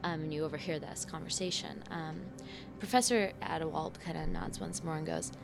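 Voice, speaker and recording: A woman narrating a tabletop game scene as game master, relaxed and filled with ums and uhs. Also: sits low, a little fast, vocal fry, few pauses, music in the background.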